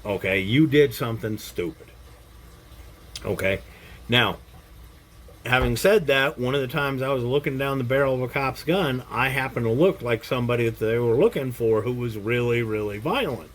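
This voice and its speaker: A man's voice: mid-range voice, normal speed, slight background noise. A middle-aged or older man giving a blunt, casual self-defense lesson to camera, salty language and frequent check-ins with his listener. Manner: blunt and profane, checks in with "Okay?" after points.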